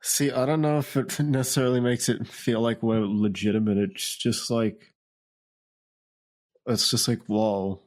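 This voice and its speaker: A man's voice: medium pitch, fairly even intonation, measured pace, a little mellow. A man co-hosting a podcast in casual chat, teasing his partner and laughing often. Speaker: podcast co-host.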